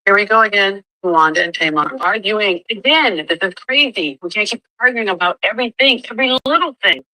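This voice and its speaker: A woman's voice: medium pitch, animated, fairly quick, pushed and bright, dry recording, rough recording. A woman co-hosting a heated talk about a reality show, exasperated and scolding.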